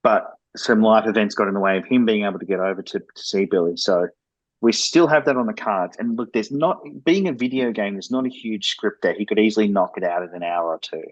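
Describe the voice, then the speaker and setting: A low-voiced man speaks as a game developer guest on a podcast and candidly explains his work at length. His voice is dry and close, and the audio sounds dull and lo-fi. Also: brisk, no echo. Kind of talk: podcast interview.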